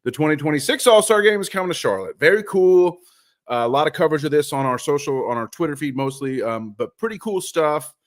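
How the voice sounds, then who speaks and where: A man's voice: a little high, lively intonation, brisk. Man rambling through a live soccer chat. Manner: rambling, profane, self-mocking. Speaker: podcast host.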